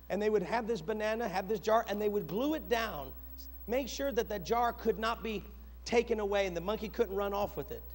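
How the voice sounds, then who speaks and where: Man preaching, animated storyteller, swoopy high voice, echoey hall. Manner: animated storytelling, dramatic pauses. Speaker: pastor. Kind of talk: sermon. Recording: long echoey hall reverb.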